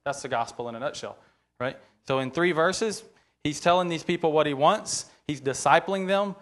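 A man's voice: on the high side, moderate pace. Earnest man teaching a church class. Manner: conversational, often checks in with "right?"; earnest, openly emotional about faith. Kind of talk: informal Bible teaching.

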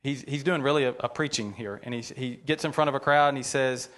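Man, church teacher, medium-pitched voice, conversational, earnest, keeps asking "right?". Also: fast, a bit bright. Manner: conversational, often checks in with "right?"; earnest, openly emotional about faith. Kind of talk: informal Bible teaching.

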